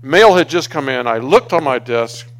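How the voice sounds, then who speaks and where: Speaking at a normal speed in a mid-range voice, this preacher tells stories conversationally. He often starts sentences over, and exasperation makes him more animated.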